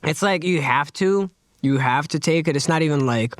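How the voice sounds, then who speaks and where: A young man co-hosting a casual podcast, trading sarcastic, quick banter. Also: a little high, lively intonation, dry recording, studio quality. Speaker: podcast co-host.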